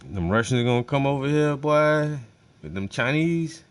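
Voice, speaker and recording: A man's voice: mid-range voice, expressive, normal speed, clear, resonant tone. A man hosting a livestream, reacting to a speech in loose, slangy, profane talk that often repeats itself. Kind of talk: casual livestream commentary.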